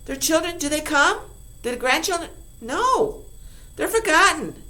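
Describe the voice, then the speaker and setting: A high school English teacher goes over a lesson with her class in a high, sing-song, sharp voice. She's upbeat and emphatic, firing off rhetorical questions and quick "okay?" checks.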